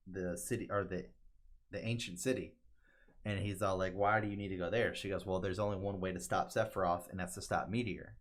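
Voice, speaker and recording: A man casually recapping a video game story, acting out the characters' lines with lots of fillers. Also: low-pitched. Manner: animated retelling with quoted voices and frequent fillers. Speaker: podcast co-host.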